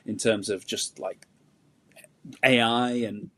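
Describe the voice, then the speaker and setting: A man's voice: lowish voice, fairly even intonation, slow pace, sharp tone, no room sound. A British man co-hosting a marketing podcast, chatting casually in a rambling, friendly way full of fillers. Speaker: podcast co-host.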